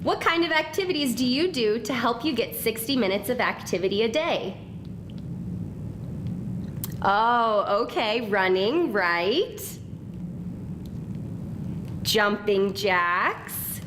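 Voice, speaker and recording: A woman with a high, lively voice talks slowly to a school group and leads them in a cheer in a friendly way. A steady room hum sits clearly behind her. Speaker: school presenter. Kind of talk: scripted talk to students.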